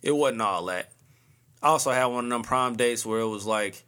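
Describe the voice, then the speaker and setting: A man's voice: mid-range voice, moderate pace, pushed and bright. A man in his early thirties hosting a podcast alone, talking casually in a loose, rambling way full of slang. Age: early 30s; 30s. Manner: laid-back, rambling slang-heavy talk. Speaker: podcast host. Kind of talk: casual solo podcast monologue.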